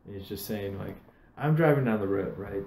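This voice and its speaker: A man's voice: on the low side, moderate pace, echoey room, slight background noise, rough recording. A man hosting a casual podcast, telling stories with plenty of swearing. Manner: swears a lot, animated storytelling. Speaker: podcast host.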